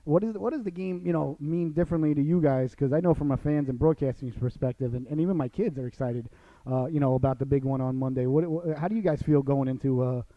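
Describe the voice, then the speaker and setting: A man from Long Island hosting a radio show, rambling casually and filling every pause with "you know", in dull lo-fi audio. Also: on the high side, dry recording. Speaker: radio host.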